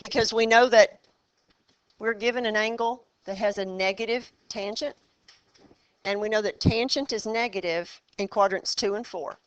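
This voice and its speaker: A woman's voice: medium pitch, clean tone, no room sound, muffled recording. A woman teaching a math class, quizzing her students and walking them through problems step by step. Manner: quizzing the class, brisk and encouraging. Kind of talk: classroom lesson.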